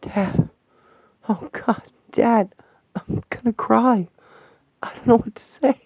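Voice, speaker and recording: Man doing a young woman heroine, raised voice, halting, gravelly, thin phone-like sound. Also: on the high side, no room sound. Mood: shaken. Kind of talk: radio-play acting.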